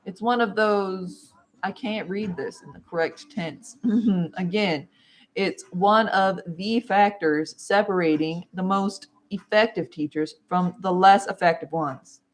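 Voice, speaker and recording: A woman reading a textbook aloud while she studies, dramatic and playful, with quick joking asides. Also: lowish voice. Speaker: vlogger.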